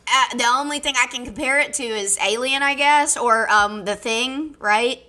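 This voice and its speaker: A woman co-hosting a podcast in casual chat, giggly and excitable, full of fillers. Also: on the high side, normal speed. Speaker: podcast co-host.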